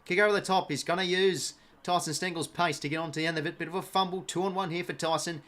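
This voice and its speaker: An excitable young Australian man giving live fan commentary on a football match, chatty with viewers and prone to shouting and swearing at big moments. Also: a little high, fast. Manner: chatty asides and thanks to viewers. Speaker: watch-along commentator.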